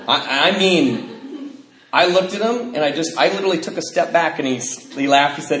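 A man's voice: fairly high pitch, animated, unhurried, pauses often. Rambling man telling his life story. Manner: rambling, many fillers, darkly joking. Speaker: speaker sharing his recovery story. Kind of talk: personal storytelling talk. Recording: roomy echo, faint noise.

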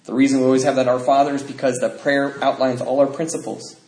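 A man sharing his recovery story with a meeting, lively, acting out what people said and laughing often. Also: medium pitch, fast talker. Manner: animated, acts out quoted dialogue, laughs often. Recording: echoey room, faint noise.

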